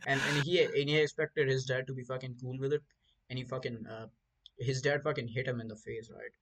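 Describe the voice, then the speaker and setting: A man's voice: mid-range voice, fairly even intonation, fairly quick, fairly bright tone, rough recording. A man hosting a podcast, telling rambling stories in casual chat with lots of swearing and stumbling restarts. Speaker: podcast host.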